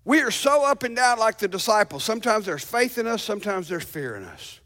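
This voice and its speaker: A male pastor preaching a sermon to his congregation, emphatic and calling out to them, swinging between loud declarations and hushed asides. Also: sits high, big pitch swings, a little fast. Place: church sanctuary.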